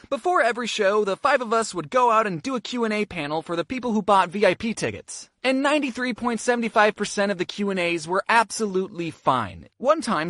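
A young man doing scripted comedic storytime narration. His voice is lively and swoops up and down, with deadpan asides between jokes. The recording is dry and close. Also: sits high, dry recording. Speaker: storytelling YouTuber.

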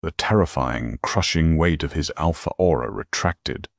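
A man giving dramatic scripted narration of a fantasy story in a measured way. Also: rumbling low, creaky, no echo, studio quality.

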